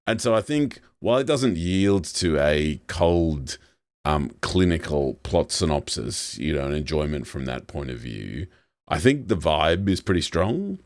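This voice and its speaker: A man's voice: very deep voice, sing-song, measured pace, no room sound, studio quality. A man co-hosting a podcast, wry and rambling, drifting into self-deprecating asides. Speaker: podcast co-host. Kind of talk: casual chat.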